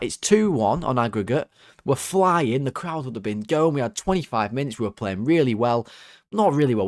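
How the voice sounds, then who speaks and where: A young man rants about his team's loss to camera, casual and exasperated. He swears freely and his pitch shoots up when he gets heated. The sound is dry and close. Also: normal speed, no echo. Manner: exasperated, swears, jumps to high excited pitch when worked up. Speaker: host of a football fan channel. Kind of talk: casual ranting commentary.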